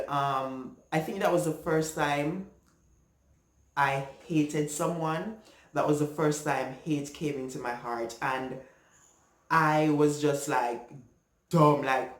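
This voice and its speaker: A Jamaican man tells a personal story, earnest and animated, slipping into patois when upset. His voice sits a little high. The room around him is echoey.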